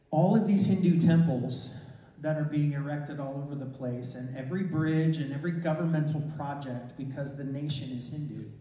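A man's voice: fairly high pitch, warm tone. A man giving a testimony sermon about a mission trip, storytelling and acting out dialogue with frequent restarts and self-corrections. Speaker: minister reporting on a mission trip. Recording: echoey hall, mic far off.

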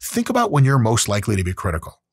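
A husky-voiced man in his late thirties speaks frankly and profanely to his audience as the host of his own show. His pitch swings widely as he talks, and the recording sounds close and dry. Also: wildly swooping pitch, rapid-fire, no echo. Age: late 30s. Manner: blunt and profane, with acted-out quotes. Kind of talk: casual solo monologue.

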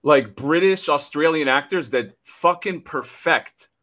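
A man's voice: a little high, a little slow, sharp tone. A man from Florida co-hosting a podcast, talking in an emphatic, profane, casual way. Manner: emphatic, swears a lot. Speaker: podcast co-host. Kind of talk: casual chat.

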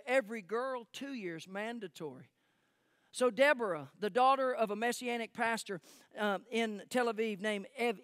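A man preaching a sermon as pastor, telling a story emphatically and then dropping to hushed tones. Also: high-pitched, no room sound. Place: church sanctuary.

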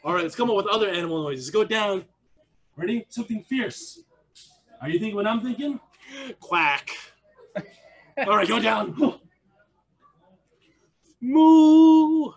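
A man's voice: high voice, brisk, vocal fry, fairly bright tone. A man teaching an online martial arts class for kids, playful and encouraging, leading exercises with silly animal noises over a video call. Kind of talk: energetic online kids' class.

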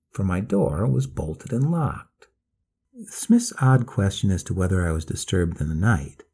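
A man reading a ghost story aloud, with measured, expressive narration. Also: on the low side, vocal fry, husky. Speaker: audiobook narrator.

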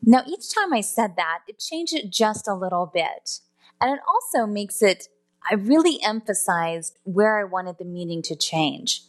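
A woman's voice: mid-range voice, lively intonation, a little slow. A woman teaching customer service phone skills in a spoken lesson, explaining step by step and now and then correcting herself. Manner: explanatory, self-correcting, demonstrates tones aloud.

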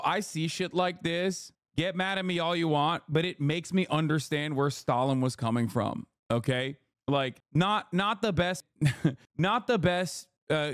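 A man in his thirties streams his reaction to a video, mocking it with profane sarcasm. His voice sits a little high for a man and sounds close and dry, with almost no room around it. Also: no room sound. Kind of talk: casual live-stream commentary.

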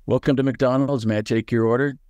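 A man's voice: medium pitch, brisk, no echo. A man reading a story aloud and voicing a bored, impatient teenage boy taking orders through a muffled drive-thru speaker. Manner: flat, growing impatient.

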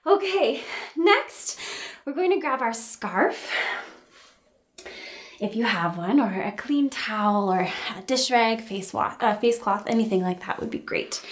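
A young Canadian woman leads a toddler sing-along class with a high, bouncy voice. She sings and chats in an animated sing-song way, a little out of breath. Her delivery is slow and drawn out. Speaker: children's library class leader. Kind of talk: singing and talking to toddlers and parents.

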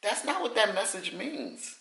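A woman's voice: medium pitch, wildly swooping pitch, a little slow, fairly bright tone, echoey room, poor audio. A woman vlogger giving casual advice to the camera, emphatic and repeating her points with folksy sayings.

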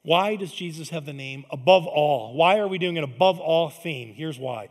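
A man's voice: on the high side, normal speed, long reverb tail. A man preaching a sermon as pastor, in a conversational, emphatic style with frequent asides to the congregation. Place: large church hall.

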